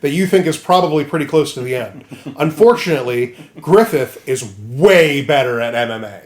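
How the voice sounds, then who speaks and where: A man co-hosting a comedy podcast, retelling a story with lively jokes and goofy voices. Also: mid-range voice, moderate pace. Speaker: podcast co-host. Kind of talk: comedic casual chat.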